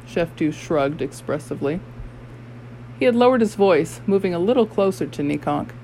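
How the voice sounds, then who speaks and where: An audiobook narrator reading a novel in measured, steady storytelling. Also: medium pitch, a little hiss or hum, rough recording. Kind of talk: scripted narration.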